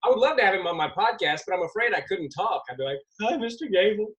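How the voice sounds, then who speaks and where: A man's voice: high-pitched, expressive, fast talker, fairly bright tone. A man hosting a podcast, chatting casually and eagerly with his guest. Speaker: podcast host. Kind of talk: casual interview chat.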